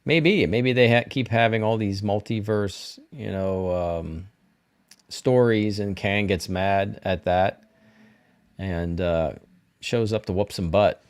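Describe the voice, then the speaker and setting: A man's voice: fairly low pitch, slow. A middle-aged man hosting a live stream, rambling casually and answering viewers' chat comments.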